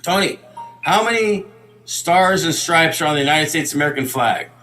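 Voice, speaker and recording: A man's voice: on the high side, expressive, moderate pace, sharp tone, faint music behind. A man putting on the voice of a stern male judge questioning a witness.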